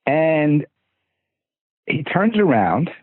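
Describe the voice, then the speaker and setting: The speaker is an older man guesting on a podcast, casually telling rambling stories full of stammers and restarted sentences. His husky voice runs on the high side with big pitch swings and drawn-out words. The recording is dry, over a tinny phone-like line.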